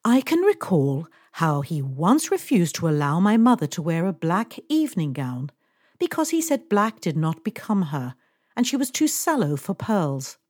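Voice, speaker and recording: A woman doing a fussy, languid rich lady, complaining and a bit imperious, lively swooping pitch, mellow tone. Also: normal speed, dry recording, clean studio sound. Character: languid, fussy wealthy middle-aged lady employer.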